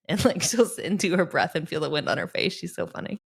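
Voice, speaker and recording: A woman in her thirties speaks as a guest in a conversational interview. Her voice sits low and she talks quickly. She is animated and acts out little exchanges with her kids. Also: vocal fry, husky. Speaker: sport psychologist guest.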